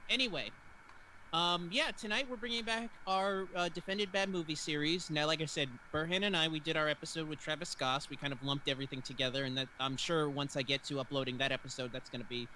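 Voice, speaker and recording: A man's voice: fairly high pitch, fairly even intonation, fast talker, bright, forceful tone, slight background noise, low-quality recording. A man hosting a casual podcast chat who rambles and corrects himself as he goes. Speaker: host.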